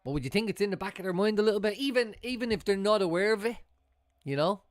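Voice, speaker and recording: Excitable fan streaming a match. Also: male voice, high-pitched, fast talker, no room sound, studio quality. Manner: excitable, swears, jumps to loud outbursts. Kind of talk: live match watchalong commentary.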